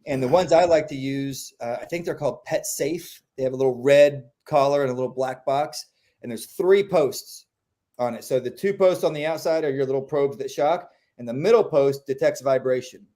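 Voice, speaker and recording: A man who trains dogs, talking through training tips in a relaxed, animated way and acting out the quotes he gives. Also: medium pitch, moderate pace. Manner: animated, acts out quotes in voices. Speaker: dog trainer. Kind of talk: casual explanatory chat.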